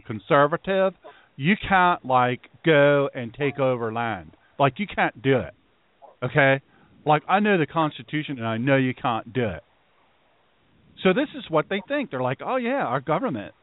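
A man hosting a political talk show, ranting in heated, animated bursts and mocking others. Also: mid-range voice. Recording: tinny phone-like line.

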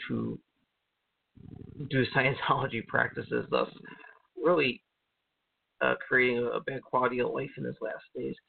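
A man hosting a podcast, giving an earnest, halting introduction with many hesitations. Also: mid-range voice, no echo. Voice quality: gravelly, husky. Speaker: podcast host. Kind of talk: show introduction. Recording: tinny phone-like sound, dry.

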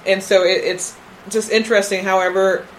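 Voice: mid-range voice, level tone, moderate pace, a little hiss or hum, poor audio. A co-host in a conversational theology podcast, thoughtful and often murmuring agreement. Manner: thoughtful, lots of backchannel agreement.

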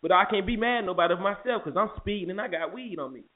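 A man hosting a casual morning talk show, animated and profane, preaching advice to listeners. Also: high-pitched, fast talker. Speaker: host. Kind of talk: casual chat. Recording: muffled phone-like audio.

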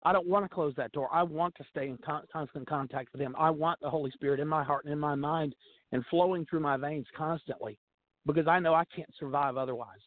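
Earnest guy guest on faith radio, bit high voice, tinny phone line. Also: fast talker, no room sound. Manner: earnest, pleading, emotional. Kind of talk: heartfelt testimony on talk radio.

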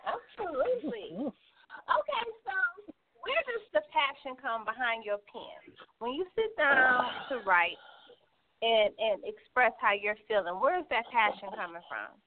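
A woman's voice: a little high, expressive, measured pace. A woman hosting a casual online interview, asking upbeat and enthusiastic questions. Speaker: host. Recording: tinny phone-like call audio.

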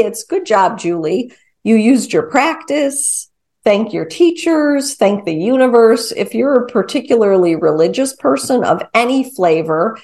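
A woman guest, a mindfulness teacher, talking through her method in a casual, upbeat interview conversation. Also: mid-range voice. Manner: upbeat, animated explaining.

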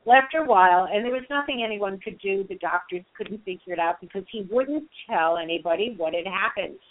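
A woman's voice: mid-range voice, fairly quick. Woman telling a tale over a tinny line. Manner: retells a tale with fillers and asides, acting out the quoted voices. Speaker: Jungian storyteller. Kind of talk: casual oral storytelling. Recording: dry, tinny phone-like sound.

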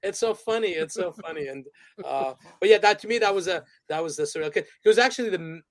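A man's voice: high-pitched, animated, fairly quick, a bit bright, no echo. A man who is a podcast guest telling stories in a casual interview, rambling with fillers and restarts and laughing often.

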